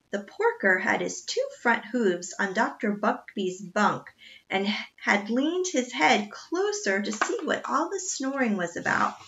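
A woman reading a children's novel aloud in an expressive storytelling manner. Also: medium pitch. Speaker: reader. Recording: dull lo-fi recording.

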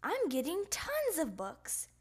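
A bouncy, impulsive little boy frog from a children's storybook, shouting his lines in a high, excited voice, as a woman reads him out. He sounds eager and can't sit still. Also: slow, exaggerated voice. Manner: loud shouty exclamations.

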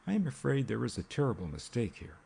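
A man voicing a small, kindly investigator who speaks in a gentle, reassuring way. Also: mid-range voice, very animated, fast, gravelly, slightly rough, exaggerated voice.

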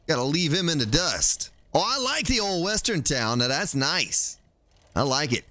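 A man streams a survival game, joking around and chatting playfully with viewers and the game itself as he plays. His voice is on the high side with big pitch swings, a moderate pace, and a sharp tone.

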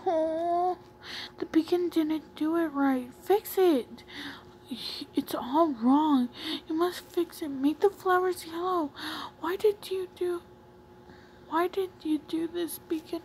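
A woman's voice: very high-pitched, slow pace, darkish tone, slight background noise, pitched above the performer's own voice, heavily acted. A woman voicing a distressed young comic character who pleads and insists that something be fixed, reading the comic aloud with voices. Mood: upset.

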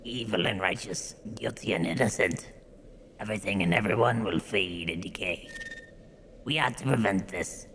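Guy putting on a low creepy ice spirit voice, ancient and ominous, drags every word out slow. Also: fairly bright tone, slight background noise. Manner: slow, solemn, drawn-out delivery. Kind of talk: gameplay dialogue read in a put-on voice.

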